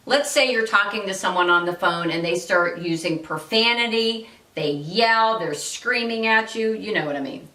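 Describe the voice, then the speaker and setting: Woman coach talking straight to you, bright sharp voice, bit far from the mic in an echoey room. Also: mid-range voice, normal speed. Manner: direct, coaching, upbeat. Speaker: host and workplace-civility coach. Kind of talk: instructional talk with example scripts.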